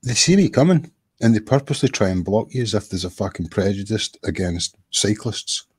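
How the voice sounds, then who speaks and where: Scottish male guest, husky low voice, dry sound, animated sweary storyteller. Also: brisk, no echo. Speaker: livestream guest. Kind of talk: casual storytelling chat.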